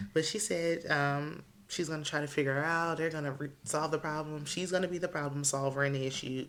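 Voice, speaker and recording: A woman in her thirties giving a chatty, blunt and candid recap of a reality TV show. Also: deep voice. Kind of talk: casual opinionated recap.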